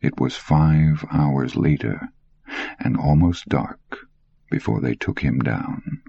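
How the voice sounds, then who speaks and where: A man's voice: extremely low pitch, slow pace, gravelly, mellow, breathy edge, lo-fi sound. A man narrating an audiobook with intense, dramatic storytelling.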